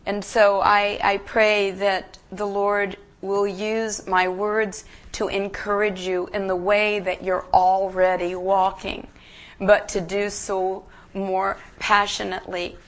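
A woman guest preacher giving an emotional, earnest sermon in a church, halting and restarting as she speaks. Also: medium pitch, flat delivery.

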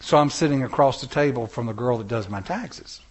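A male preacher delivering a sermon, stressing words slowly and telling stories to the congregation. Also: medium pitch, animated, breathy edge. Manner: emphatic, drawn-out stresses, storytelling.

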